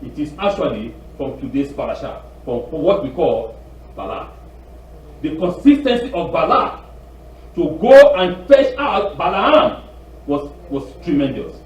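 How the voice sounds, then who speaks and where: A man giving an informal sermon on the weekly Torah portion, animated and repetitive, acting out phone calls with a raised voice. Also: a little high, unhurried, recorded from a distance, slight background noise. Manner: repeats words and restarts often. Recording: echoey room, off-mic, dull sound.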